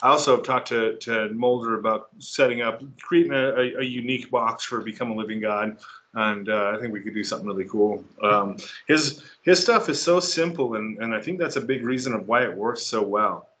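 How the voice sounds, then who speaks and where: A man hosting a casual interview over a video call, halting and repeating words as he searches for them. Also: mid-range voice, fairly bright tone. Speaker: podcast host.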